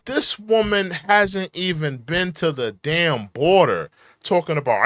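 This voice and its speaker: On a dry recording, a thirtysomething political commentary host speaks slowly and expressively in a higher, fairly bright voice. He repeats himself, uses mocking slang, and rants in exasperation at the clips he reacts to.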